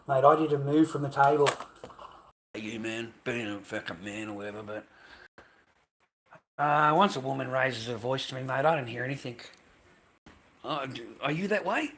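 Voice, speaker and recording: A man's voice: medium pitch, moderate pace, long pauses, background noise. An Australian man telling a workplace grievance in a blunt, repetitive rant with heavy swearing. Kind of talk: ranting monologue.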